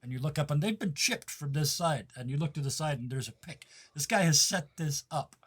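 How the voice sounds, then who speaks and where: A man's voice: fairly high pitch, animated, brisk, a bit bright, breathy edge. Laughing, rambling game master man. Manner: rambling, laughs often, many fillers. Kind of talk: narrating a tabletop game.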